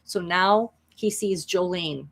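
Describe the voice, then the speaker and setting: Brief: a chatty woman vlogger retelling a story, rambling, lowish voice. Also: takes it slowly. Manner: animated, rambling, many restarts. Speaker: spiritual vlogger.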